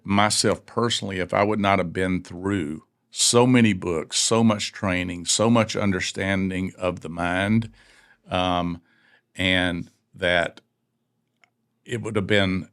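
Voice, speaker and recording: Brief: male talk host, very low voice, supportive back-channel nods. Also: vocal fry, a bit bright. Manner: encouraging, frequent short agreements. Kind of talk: casual talk-show conversation.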